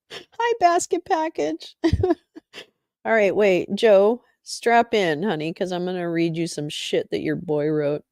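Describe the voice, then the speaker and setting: A woman's voice: lowish voice, measured pace, a little mellow, no echo, studio quality. A woman hosting a livestream, reading legal text aloud and breaking off into sarcastic, chatty asides to her viewers. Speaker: livestream host.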